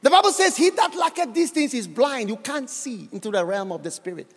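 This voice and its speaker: A man from Ghana preaching a sermon in a church hall, building to shouted, sing-song emphasis. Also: very high-pitched, animated, fairly quick, husky.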